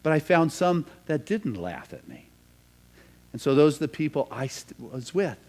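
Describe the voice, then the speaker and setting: A man voicing a kind, calm wise man who speaks in a gentle, reassuring way. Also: fairly high pitch, moderate pace. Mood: candid.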